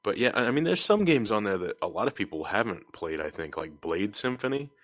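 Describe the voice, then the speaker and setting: A man's voice: lowish voice, sing-song, brisk, fairly bright tone, dry recording, studio quality. A man joining a casual gaming podcast as a guest, playful and self-mocking.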